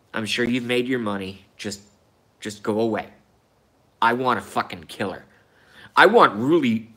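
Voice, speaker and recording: A man's voice: mid-range voice, sharp tone. A man hosting a live stream, ranting heatedly about politics, swearing often and repeating his points, while reading out and answering viewer comments. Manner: heated, profane, repeats himself.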